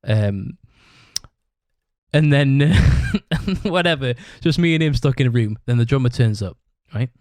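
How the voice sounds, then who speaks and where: A young man with a British accent tells a long, rambling story on his podcast, swearing a lot and breaking into laughter. His voice sits at a middle pitch, and the recording is close and dry with no room sound. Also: animated, measured pace, darkish tone, no echo. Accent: British English. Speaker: podcast host. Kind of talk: casual storytelling monologue.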